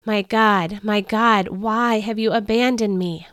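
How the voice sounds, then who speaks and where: A woman's voice: medium pitch, steady tone, takes it slowly, fairly bright tone, smooth, no echo. Woman narrator giving a dying man, strained, tired, dry close sound. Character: Jesus, a suffering man near death.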